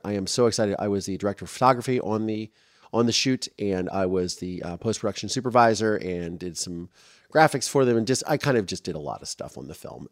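A man's voice: lowish voice, no room sound, clean studio sound. A man hosting his own podcast, talking casually and emotionally, rambling with lots of fillers and restarts. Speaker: podcast host.

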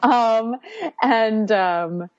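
A woman's voice: on the high side, very slow, no echo. A woman in her thirties casually recounting a personal story in an interview, meandering with many fillers. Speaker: guest sharing birth story. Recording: dull lo-fi sound.

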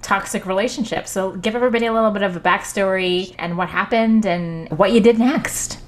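A woman's voice: mid-range voice, a little fast. A woman hosting a podcast in casual chat, upbeat and encouraging toward her guest. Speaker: podcast host.

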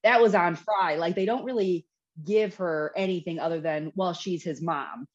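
Woman, young adult, casual podcast chat, rambling, lots of "like", fairly low voice, dull muffled recording. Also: moderate pace. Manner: rambling, peppered with "like". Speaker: podcast co-host. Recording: dull lo-fi sound.

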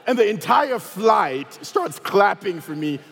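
A male pastor delivers a storytelling sermon in a husky, somewhat high voice. His pitch moves up and down constantly as he builds and drops the energy. The sound hangs in the long reverb of a church hall. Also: takes it slowly. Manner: animated, swings between loud and quiet.

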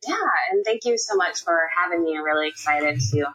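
Podcast guest, young woman, low husky voice, upbeat and casual. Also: a little fast, fairly bright tone, rough recording. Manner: upbeat, candid, casual slang. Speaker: podcast guest, nonprofit PR professional. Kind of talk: podcast interview.

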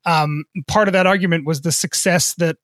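A man co-hosting a podcast, explaining the news in a measured, casual way with some restarts. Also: fairly high pitch, steady tone, a bit bright, no room sound, clean studio sound. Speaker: podcast co-host, business journalist.

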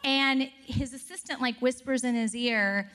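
Woman, live stage talk, animated storytelling, laughing, speaks to audience. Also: on the high side, unhurried.

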